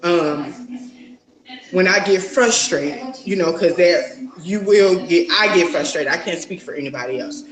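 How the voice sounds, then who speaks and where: A woman's voice: lowish voice, animated, unhurried, a crowd in the background. Woman guest, musing and rambling, lots of "you know", roomy echo. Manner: reflective, rambling with many fillers. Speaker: mother of a young son, guest. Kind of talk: casual interview talk.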